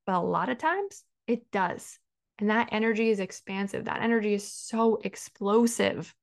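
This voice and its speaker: A woman talks through her own business journey in an earnest, heartfelt monologue. Her pitch sits in the middle range. She fills her speech with "like" and restarts her phrases, and she sounds personal and emotional. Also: normal speed, creaky. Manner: earnest, emotional, fond of "like" and repeated words. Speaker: business coach and podcast host.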